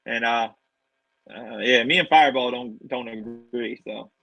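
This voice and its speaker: Bright-voiced wrestler telling stories. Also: male voice, medium pitch, unhurried, gravelly, no echo, poor audio. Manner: animated storyteller acting out quotes. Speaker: professional wrestler, guest. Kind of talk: casual interview storytelling.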